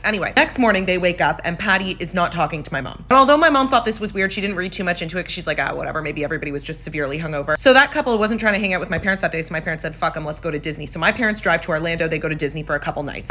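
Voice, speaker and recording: Woman telling a storytime at full speed, crisp bright voice, gossipy and swears a lot. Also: fairly low pitch, slight background noise. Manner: gossipy, animated, swears freely. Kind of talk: casual storytime monologue.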